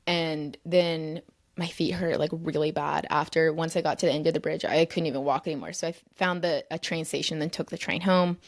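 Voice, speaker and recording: A young woman hosting her podcast solo, in a casual storytelling flow. Her voice sits slightly low, and she talks in an animated, rambling way, full of fillers and the occasional swear. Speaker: podcast host.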